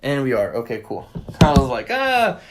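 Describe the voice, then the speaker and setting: A young man co-hosting a casual podcast chat, telling a rambling, profanity-laden story with excitable bursts, recorded on a phone. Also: mid-range voice, fairly quick, over music. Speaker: podcast co-host.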